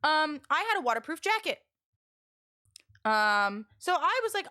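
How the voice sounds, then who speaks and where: A young adult woman streamer telling stories to her chat in an animated way, laughing and restarting her sentences. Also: sits high, measured pace. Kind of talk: casual storytelling to chat.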